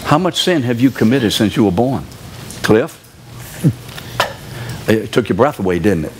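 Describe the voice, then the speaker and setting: A man's voice: mid-range voice, lively intonation, measured pace, slight background noise. A man in his seventies preaching a sermon in a church, driving his point home by repeating key words and throwing questions at the congregation. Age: 70s.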